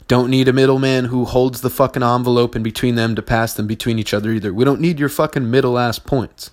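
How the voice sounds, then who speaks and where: A man's voice: mid-range voice, fairly even intonation, quick pace, few pauses, a little mellow. Man, business podcast host, solo rant, blunt, profane, mocking.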